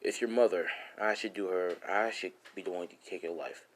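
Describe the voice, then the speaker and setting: A man playing a stern demon father who speaks low, quiet and firm. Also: a little fast.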